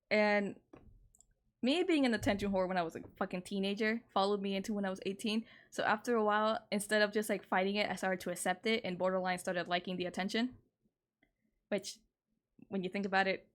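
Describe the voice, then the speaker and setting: A woman in her twenties streaming from home, telling a personal story in casual chat, candid and exasperated, swearing freely and jumping up in pitch when indignant. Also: fairly bright tone.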